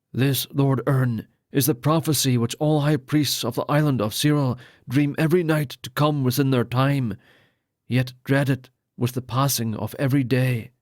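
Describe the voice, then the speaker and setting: A man's voice: mid-range voice, a little mellow, no room sound, clean studio sound, lightly acted. A man voicing a solemn male lord who ordains priests, speaking in grave, formal pronouncements.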